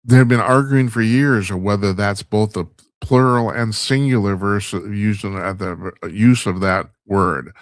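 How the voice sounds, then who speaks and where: A man's voice: lowish voice, measured pace, few pauses, no room sound. A man hosting a talk show, delivering a rambling, wry monologue and laughing at his own stumbles. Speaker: radio talk show host. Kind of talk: casual monologue commentary.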